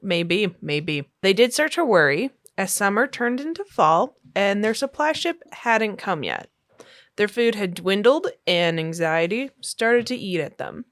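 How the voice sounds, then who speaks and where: A woman hosting a podcast, telling a true story in a relaxed, chatty way with fillers and laughs. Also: medium pitch, a little slow. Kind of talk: casual storytelling chat.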